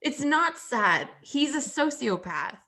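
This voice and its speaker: A woman's voice: high voice, sing-song, slow pace, pushed and bright. A woman in her thirties co-hosting a podcast, chatting casually with a dry, blunt, sardonic manner. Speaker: podcast co-host. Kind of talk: casual chat.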